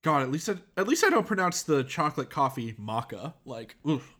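A man's voice: fairly high pitch, sing-song, sharp tone. A man with a slightly raised voice chatting casually on a podcast with friends. He teases playfully and keeps the tone light. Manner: teasing, playful, quick to laugh. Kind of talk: casual chat.

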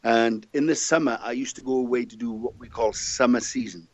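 A man's voice: mid-range voice, fairly even intonation, fairly quick. An older Welsh man chatting as an interview guest, telling jovial stories from his past. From Wales. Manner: chatty, jovial anecdote teller. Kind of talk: casual interview storytelling.

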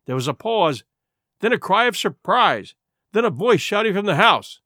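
A man narrating an adventure audiobook in a dramatic, expressive storytelling manner. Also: high voice, normal speed, no room sound, clean studio sound.

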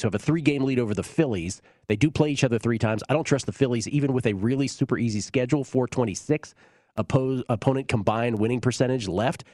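A man's voice: medium pitch, a little mellow, no echo, studio quality. A man hosting a sports betting show, giving blunt, confident opinions in casual talk.

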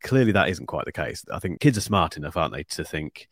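A man's voice: deep voice, very animated, quick pace, no room sound, studio quality. A man in his forties from England with a neutral English accent, a podcast guest talking in a reflective, self-deprecating way. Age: 40s. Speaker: guest YouTube creator. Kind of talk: casual podcast chat.

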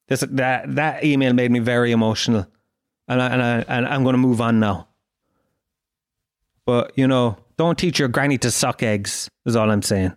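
A man in his thirties with a Dublin Irish accent, ranting and swearing on his own solo podcast, mock-indignant and animated. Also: medium pitch, moderate pace. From Ireland. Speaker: podcast host. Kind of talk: casual solo podcast rant.

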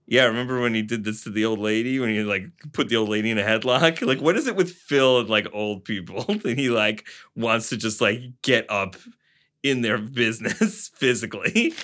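Low-voiced man reading noir with music. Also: moderate pace. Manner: laughs often, says "like" often in chat, steady when reading. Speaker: podcast co-host reading a crime novel aloud. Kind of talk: casual book chat and first-person noir reading.

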